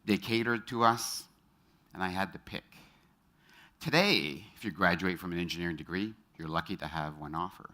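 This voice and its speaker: Deep-voiced man giving a motivational talk. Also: sharp tone. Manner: engages the audience with quick show-of-hands questions; storytelling, personal anecdotes. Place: stage in front of a live audience.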